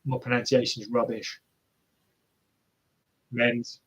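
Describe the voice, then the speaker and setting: A man's voice: medium pitch, flat delivery, slow, fairly bright tone, slightly rough. A man commentating casually on a marathon live for viewers, chatty and self-mocking as he cheers the runners on. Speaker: live race watch-along streamer.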